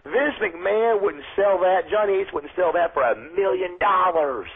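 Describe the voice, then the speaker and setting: Crowd noise sits behind a guest wrestler's high-pitched voice as he talks at normal speed through a tinny phone call into a radio show. Casual in the interview, he tells a story and animatedly performs the voices of those he quotes.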